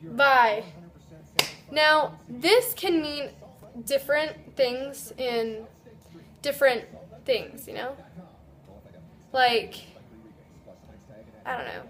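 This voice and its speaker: High-pitched girl teaching japanese phrases, slow and chatty, says like a lot. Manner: chatty, loose, sprinkled with "like"; sounds out words slowly syllable by syllable. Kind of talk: casual video lesson.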